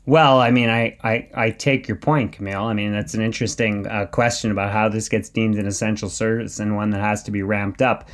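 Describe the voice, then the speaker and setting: A man's voice: fairly low pitch, steady tone, a little fast, few pauses. Joking, chatty man co-hosting a podcast. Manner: joking, sarcastic asides, chatty with fillers. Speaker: podcast co-host. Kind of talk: casual podcast chat.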